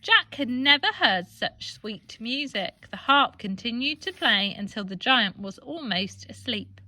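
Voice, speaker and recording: An English woman teacher reading a children's storybook aloud with expressive, animated delivery. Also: on the high side, unhurried, no echo.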